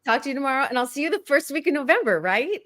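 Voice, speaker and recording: Playful female radio guest, higher voice, lively swinging pitch. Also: racing. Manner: playful, laughing often. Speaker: entertainment news contributor. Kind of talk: casual radio chat.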